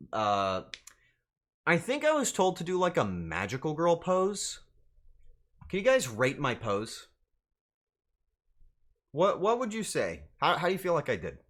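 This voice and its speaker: A man streaming as a VTuber tells his live chat a rambling story directly, cursing freely. His voice is mid-range and a little bright.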